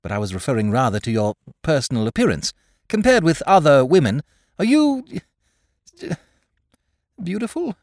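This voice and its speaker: A man voicing a naive young gentleman of twenty-one, formal, precise and stiffly polite. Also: a little high, big pitch swings, normal speed, long pauses, dry recording, studio quality. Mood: prim.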